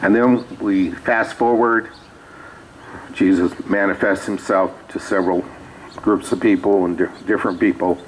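Low-voiced man preaching casually. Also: steady tone, moderate pace, a little hiss or hum, rough recording. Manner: conversational, reads scripture aloud with asides. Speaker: pastor. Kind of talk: sermon. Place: small church sanctuary.

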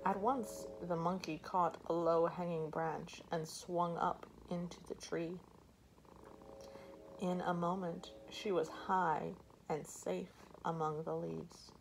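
Slow, gravelly woman reading a story. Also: on the low side, flat delivery, a little hiss or hum, low-quality recording. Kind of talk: read-aloud storybook narration.

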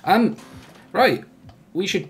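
Chatty man in gaming banter, animated. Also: sits high, takes it slowly, soft background music. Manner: chatty, rambling, playfully sarcastic. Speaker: co-host of a gaming channel. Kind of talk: casual let's-play banter.

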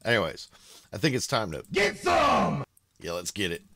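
An excitable American man hosting casual reaction commentary at home, bursting into shouts of amazement. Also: low-pitched, fast talker, over loud music, a loud crowd. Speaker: reaction video host. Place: home room.

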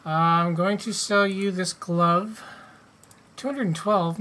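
A man's voice: sits high, measured pace, bright, forceful tone. Guy doing loose let's-play chat, cussing and cracking jokes, reads the game text out. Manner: joking, profane, reads game text aloud. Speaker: gaming channel host. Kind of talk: casual let's-play commentary.

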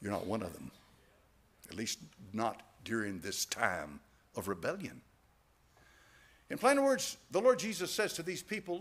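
A man's voice: mid-range voice, lively intonation, unhurried, long pauses, husky. A male pastor preaching a sermon, emphatic, punching key phrases and asking the congregation rhetorical questions. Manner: emphatic, rises to stressed phrases.

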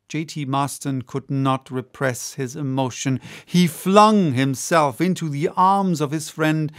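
A man narrating a classic novel as an audiobook in a steady, measured reading. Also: on the high side, vocal fry. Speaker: audiobook reader.

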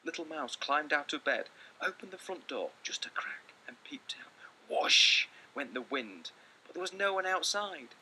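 A man reading a children's picture book aloud with lots of expression, often dropping into hushed whispers. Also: on the high side, very animated, measured pace, slightly rough, rough recording. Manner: theatrical, slipping into hushed whispers. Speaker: storyteller.

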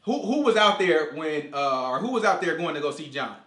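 A man teaching a casual Bible study in an animated way, quizzing his listeners and acting out dialogue. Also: on the high side, fairly quick. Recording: echoey room.

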